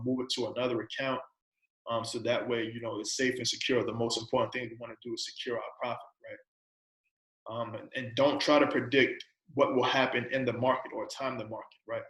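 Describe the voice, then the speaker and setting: Man presenting a casual trading lesson, flat delivery, keeps asking "right?", slightly echoey room. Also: medium pitch. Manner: conversational, repeats "right?" and "you know"; asks a string of coaching questions.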